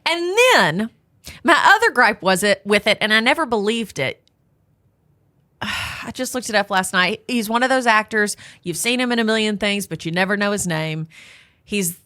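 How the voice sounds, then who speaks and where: A young woman co-hosting a podcast in a studio, telling stories in a lively, animated way and slipping into quoted voices. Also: medium pitch, moderate pace, no room sound. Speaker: podcast co-host. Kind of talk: casual chat. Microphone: studio mic.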